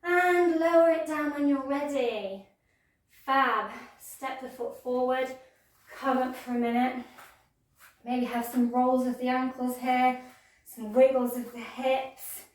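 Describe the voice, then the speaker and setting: A woman's voice: high-pitched, fairly even intonation, takes it slowly, far from the mic. Yoga teacher woman, echoey room. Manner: gentle, playful step-by-step cueing. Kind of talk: guided yoga class instruction.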